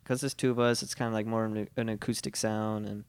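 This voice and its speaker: A man's voice: on the low side, level tone, a little fast, clean tone, dry recording. A man from a reggae band chatting as a podcast guest, laid-back and rambling, swearing now and then. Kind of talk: casual chat.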